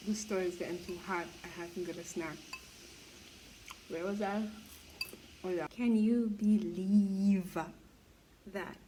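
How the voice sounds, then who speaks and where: A woman's voice: on the low side, fairly even intonation, normal speed, long pauses, a little hiss or hum, low-quality recording. A young woman vlogger telling a gossipy story in casual chat while doing her makeup, with incredulous exclamations.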